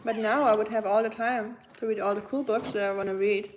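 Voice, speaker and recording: A woman's voice: medium pitch, steady tone, fairly quick, slight background noise, rough recording. A young woman hosting a casual livestream, chatting and musing with her viewers while she eats. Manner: chatty, musing, answers chat while eating. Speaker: livestream host. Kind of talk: casual chat with live chat viewers.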